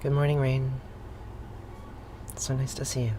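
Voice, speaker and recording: A livestream host leading a morning breathing and toning practice, with soft, slow cues that sometimes drop to a breathy whisper, greeting viewers by name. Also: medium pitch, monotone, noisy background. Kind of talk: guided breathing and toning instruction.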